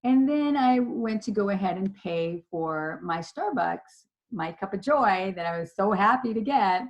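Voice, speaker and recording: A woman's voice: medium pitch, measured pace, dull audio. Chatty woman leadership trainer telling stories. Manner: storytelling, chatty, animated retelling. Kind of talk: webinar presentation with slides.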